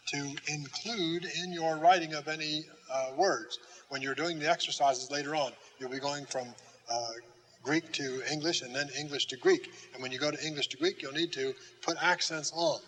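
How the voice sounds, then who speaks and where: Older man teaching, unhurried with fillers. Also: fairly high pitch, a bit bright, a little hiss or hum, poor audio. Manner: slow and deliberate, with many "uh" fillers, repeating key words. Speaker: Greek teacher. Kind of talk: recorded classroom lecture.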